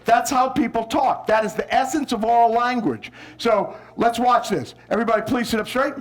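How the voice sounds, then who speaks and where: A man from New Orleans, a visiting poet, coaching children and parents to recite with expression, coaxing them along and breaking into shouted lines. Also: extremely high pitch, normal speed. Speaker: visiting poet leading a school workshop. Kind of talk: lively workshop with children and parents.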